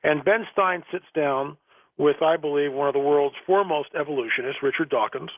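A man's voice: on the high side, a little fast, no room sound. Emphatic man on a phone line. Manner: emphatic, preachy, repeats words. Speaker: guest author. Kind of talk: radio interview.

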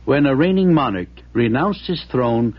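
A male host giving scripted, smooth and wry narration. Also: mid-range voice, expressive, moderate pace. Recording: dull lo-fi sound.

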